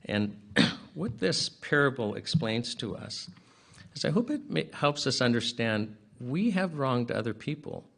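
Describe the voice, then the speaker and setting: Gravelly-voiced man clearing his throat. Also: medium pitch, sing-song, a little slow, a bit bright. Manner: clears his throat often between phrases; earnest, plain-spoken storytelling with casual asides. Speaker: speaker at a public inquiry. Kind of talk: public address retelling a parable.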